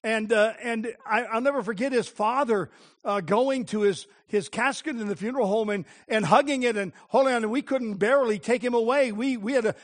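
A man preaching a sermon as pastor, impassioned, moving from hushed tones to crying out. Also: extremely high pitch, a little fast.

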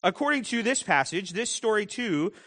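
A man's voice: high voice, animated, normal speed, sharp tone. A middle-aged man preaching a sermon in a conversational way, with self-deprecating humor. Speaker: pastor.

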